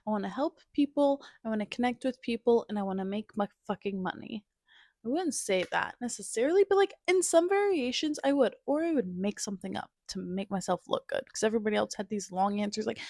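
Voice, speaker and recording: Blunt, gravelly-voiced young woman. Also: a little high, animated, fast, a little mellow, dry recording, studio quality. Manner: blunt, swears freely, self-mocking; shifts between wry humor and raw emotion. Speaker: podcast host. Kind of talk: candid personal storytelling.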